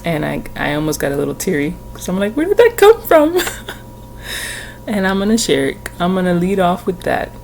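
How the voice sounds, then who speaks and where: A woman's voice: on the low side, moderate pace, creaky, slight background noise. Rambling, laughing woman tarot vlogger. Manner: rambling, laughs often, casual swearing. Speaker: tarot reader and channel host. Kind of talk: casual chatty vlog. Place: at home.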